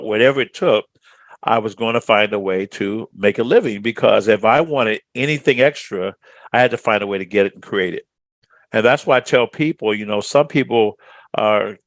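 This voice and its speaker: A man's voice: fairly low pitch, no room sound. A middle-aged man from Chicago, answering interview questions as a speaker trainer in a confident storytelling manner. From Chicago, USA.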